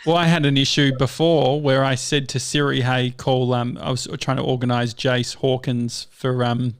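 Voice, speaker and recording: A man's voice: medium pitch, level tone, normal speed, clear, resonant tone, dry recording. An Australian man co-hosting a podcast, telling rambling stories in casual chat with plenty of fillers. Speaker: podcast co-host.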